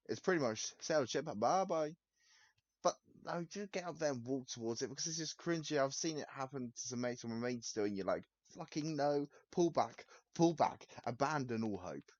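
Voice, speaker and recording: A reaction video host in his twenties gives blunt, sarcastic commentary on a video, swearing and laughing a lot in a casual way. His voice is mid-range, and the audio is dull with no room sound.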